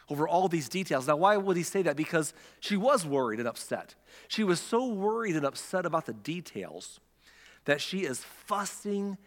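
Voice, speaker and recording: A man's voice: a little high, a bit bright, big-room sound. A man giving a conversational sermon, retelling a story and acting out the voices of its characters. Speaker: preacher.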